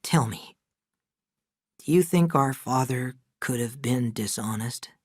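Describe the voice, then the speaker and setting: A man's voice: on the high side, animated, moderate pace, fairly bright tone, no room sound, studio quality, voice pushed up. A man voicing an anxious, troubled grown brother, speaking in a raised, strained and emphatic way.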